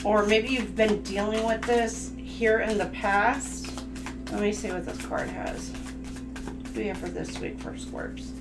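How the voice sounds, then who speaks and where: A woman doing a livestream tarot reading, chatty, emphatic and blunt. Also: medium pitch. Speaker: tarot reader. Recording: echoey room with music behind. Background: background music.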